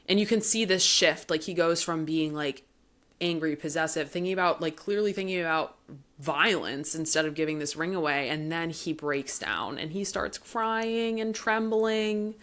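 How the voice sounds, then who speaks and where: A woman's voice: sits low, fairly bright tone. A young woman hosting a book podcast, talking casually and emotionally about a novel, with fillers, sighs and quotes read aloud.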